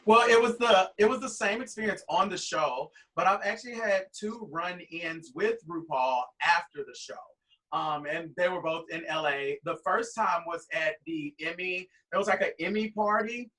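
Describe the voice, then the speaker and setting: A drag performer guest telling a long, rambling anecdote full of quoted dialogue. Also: male voice, high voice, normal speed, sharp tone, recorded from a distance, poor audio. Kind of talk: animated storytelling.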